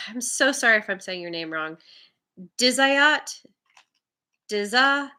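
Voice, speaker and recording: Woman, live tarot host, slow delivery, bright tone, giggly and encouraging, trips over names. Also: a little high, lively intonation, slight background noise. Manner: laughs often, warm and encouraging to viewers; stumbles over viewer names. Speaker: tarot reader hosting a live stream. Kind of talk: casual live-stream chat.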